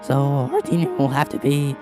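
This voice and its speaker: A bubbly little cartoon object, chirpy and over the top, as a woman voices it. The voice sits very low yet leaps wildly up and down through every line. Loud music plays right under the dialogue. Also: wildly swooping pitch, normal speed. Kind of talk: web cartoon voice acting. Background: loud background music.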